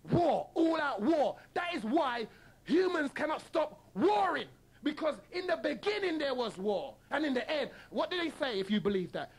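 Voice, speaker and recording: A man's voice: very high voice, sing-song, moderate pace. A man hosting a radio talk show, delivering a combative monologue full of rhetorical questions and blunt mockery. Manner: mocking, blunt.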